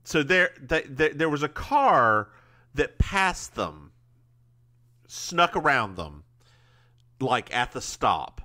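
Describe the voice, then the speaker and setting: Bright, lively man recapping a show. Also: mid-range voice. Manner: chatty, animated retelling with quick asides. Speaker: podcast co-host. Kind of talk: casual recap chat.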